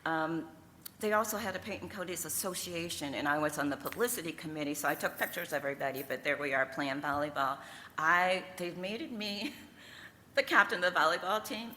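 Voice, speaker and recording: A woman's voice: low voice, slight background noise. Older Southern woman telling stories in a hall. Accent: Southern American. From American South. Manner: lively, laughing, asks the audience "okay?" and "right?". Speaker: panel speaker. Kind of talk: storytelling talk with slides. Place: lecture room. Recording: reverberant hall, faint ambience.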